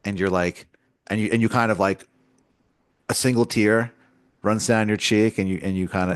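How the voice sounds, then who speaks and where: A man's voice: lowish voice, fairly even intonation, moderate pace, pauses often, dry recording, studio quality. A man improvising a comedy story, talking in a loose, rambling way with lots of fillers.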